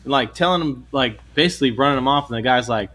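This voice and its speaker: A man's voice: mid-range voice, fast. A man, co-hosting a casual podcast and telling a story with lots of swearing and acted-out voices. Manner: animated, swears a lot, acts out voices when retelling. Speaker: podcast co-host.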